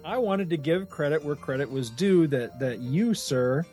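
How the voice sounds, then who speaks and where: A man's voice: fairly high pitch, animated, normal speed, a little mellow, faint music behind. A man co-hosting a casual podcast, rambling, laughing often and swearing casually into a studio microphone. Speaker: podcast co-host. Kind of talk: casual chat.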